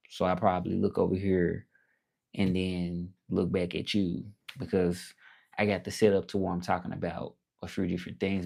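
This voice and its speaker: His voice is low, gravelly and a little mellow: a Southern-accented man from Memphis, Tennessee hosting a loose livestream chat. He greets viewers from his laptop indoors.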